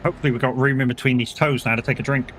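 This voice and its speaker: A man's voice: mid-range voice, steady tone, very fast, fairly bright tone, a little hiss or hum. A man streaming a game live, chatting casually, swearing freely and bantering with his chat. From United Kingdom.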